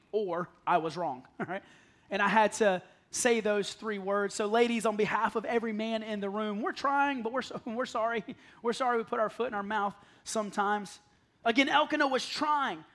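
High-voiced pastor preaching with humor. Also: male voice. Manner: lively storytelling with self-deprecating humor; acts out quoted voices, dropping to soft pleading. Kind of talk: sermon. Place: church sanctuary with congregation.

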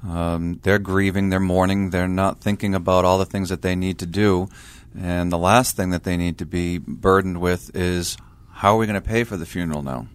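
A young man co-hosting a radio talk show, speaking in a measured way with frequent pauses and fillers. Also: sits low, fairly even intonation, smooth. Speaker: radio co-host.

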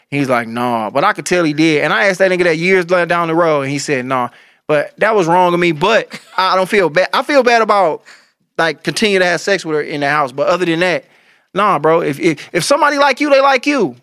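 A young man co-hosting a casual chat, telling loud, animated stories full of crude slang. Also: fairly high pitch, fast, no room sound, studio quality. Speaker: podcast co-host.

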